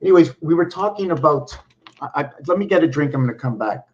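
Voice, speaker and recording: A man vlogging from home, talking in a meandering monologue full of pauses and restarts. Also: fairly high pitch, expressive. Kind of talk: rambling monologue to camera. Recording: dull lo-fi recording.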